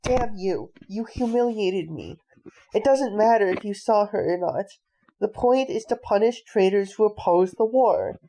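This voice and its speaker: A woman's voice: mid-range voice, measured pace, warm tone, a little hiss or hum, lightly acted, poor audio. A woman reading a storybook aloud, voicing a spiteful male schoolteacher who talks bitterly and sneeringly.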